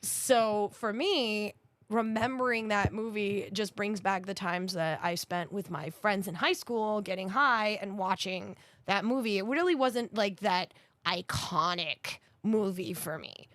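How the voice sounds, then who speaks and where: A woman's voice: mid-range voice, measured pace, a bit bright, no echo. A woman in her thirties co-hosting a podcast in casual chat, blunt and swearing freely, laughing as she talks. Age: 30s. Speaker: podcast co-host.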